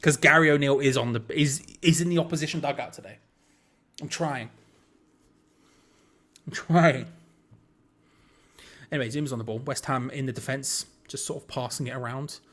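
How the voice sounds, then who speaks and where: A man's voice: mid-range voice, steady tone, fast talker, a bit bright. A young man hosting a live football watch-along, calling the play casually and chatting to viewers with frustrated asides. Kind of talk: live match commentary and chat.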